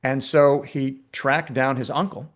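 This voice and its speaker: A filmmaker being interviewed, telling stories in a lively, conversational way with frequent fillers and restarts. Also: male voice, mid-range voice, measured pace. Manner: animated storyteller, many restarts and fillers. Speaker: filmmaker guest.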